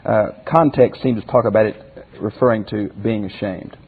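A man's voice: lowish voice, moderate pace, slightly rough, big-room sound, narrow, tinny audio. A man teaching a Bible commentary lesson as a pastor in a folksy way, asking his listeners rhetorical questions.

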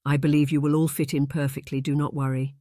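A man's voice: a little high, level tone, quick pace, dark tone, no room sound, clean studio sound, natural voice. A man narrating an audiobook voices an arrogant young marquis who needles the ladies with smug remarks.

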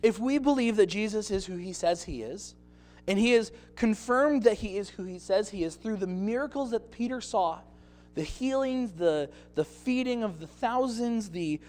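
Male pastor, expressive sermon delivery with acted-out scenes, higher voice. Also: normal speed.

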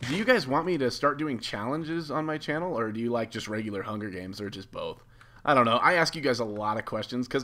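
A man giving casual, excitable commentary over a video game as a YouTube gamer, laughing often and swearing lightly. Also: mid-range voice. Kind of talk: live gameplay commentary.

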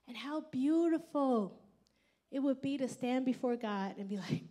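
A woman pastor giving an expressive, conversational sermon at a church service. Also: high voice, unhurried.

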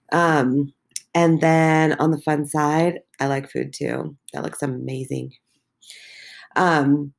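A woman's voice: low voice, a little mellow. A woman teacher walking her middle school class through the day's posts, encouraging, with many filler ums. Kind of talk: recorded class walkthrough.

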